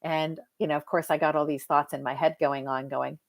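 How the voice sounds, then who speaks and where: Low-voiced chatty woman hypnotherapist. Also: brisk, creaky, hardly any pauses. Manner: chatty and lively, addresses viewers as "you guys". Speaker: hypnotherapist and mentor. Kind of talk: casual live-stream talk to viewers.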